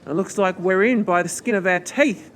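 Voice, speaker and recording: A woman's voice: mid-range voice, normal speed, close to an everyday voice. A woman voicing a wry, sarcastic young man. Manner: dry, sarcastic.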